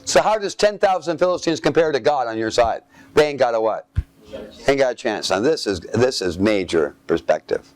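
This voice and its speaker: A man's voice: mid-range voice, animated, moderate pace. A man preaching a sermon, reading scripture aloud and asking his listeners to fill in the missing words. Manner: asks fill-in-the-blank questions of listeners; reads scripture aloud, then comments.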